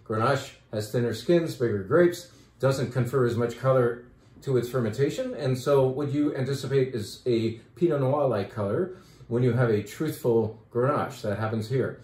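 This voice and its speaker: A man's voice: medium pitch, moderate pace, a little mellow. Chatty man talking wines, echoey room. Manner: chatty, enthusiastic, with fillers. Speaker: wine shop owner presenting wines. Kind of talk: casual wine talk video. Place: wine shop.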